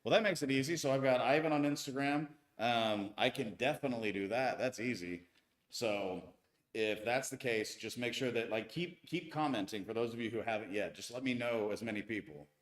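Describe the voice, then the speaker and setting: American male streamer, 30s, casual and chatty, mid pitch, echoey room. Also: fairly quick. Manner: chatty, reads viewer comments aloud, frequent restarts. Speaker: live-stream host. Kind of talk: casual live-stream chat. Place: home with tile floors.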